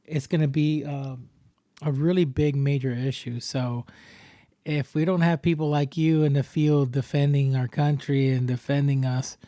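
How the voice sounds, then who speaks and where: A man's voice: mid-range voice, fairly even intonation, normal speed, warm tone, dry recording, clean studio sound. A man hosting a podcast in casual chat, joking and laughing while he acts out silly scam calls. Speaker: podcast host.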